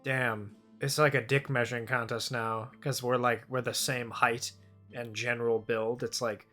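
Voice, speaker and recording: Male player, bright voice, rambling jokey delivery, faint music bed. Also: mid-range voice, flat delivery, normal speed. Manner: joking, rambling, swears often. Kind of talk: casual tabletop game chat.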